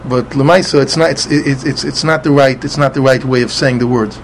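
A man's voice: medium pitch, fairly even intonation, brisk, gravelly, slight background noise. A man teaching a Talmud passage, methodically spelling out letters and often repeating words as he explains. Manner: spells out Hebrew letters and vowels with Ashkenazi pronunciation.

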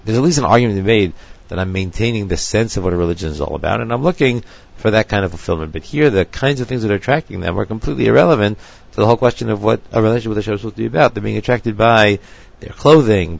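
A man teaching a text lecture, measured and thinking aloud as he goes. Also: fairly low pitch, vocal fry, muffled recording. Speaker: Torah teacher.

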